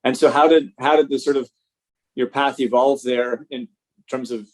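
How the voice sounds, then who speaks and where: A man's voice: medium pitch, steady tone, normal speed, darkish tone. A man hosting a podcast interview who asks long, winding questions full of restarts. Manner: rambling, restarts often. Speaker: podcast host. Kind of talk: conversational interview.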